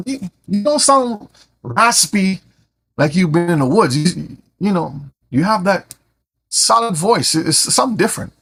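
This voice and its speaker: Male scripture teacher, husky tone, lively and conversational. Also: fairly high pitch. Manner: animated, repeats words when starting sentences. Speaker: Bible teacher.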